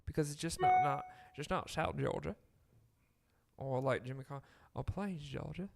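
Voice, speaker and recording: A man co-hosting a casual sports podcast, talking in a slow, rambling way with fillers. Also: on the high side, vocal fry, soft background music. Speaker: podcast co-host.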